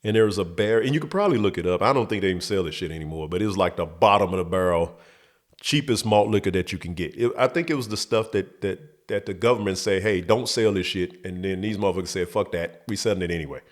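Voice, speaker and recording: A man hosting a show, telling a childhood story in an animated, profane, colloquial way. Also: low-pitched, quick pace. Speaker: host. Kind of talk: comedic storytelling.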